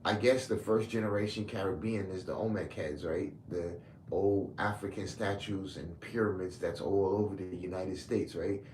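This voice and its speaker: Steady in tone and a little mellow, a man from Brooklyn, New York, speaks at normal speed in a voice that sits low. He's an online commentator heatedly and repetitively confronting his commenters. The recording has a little hiss or hum and an echoey room with faint ambience.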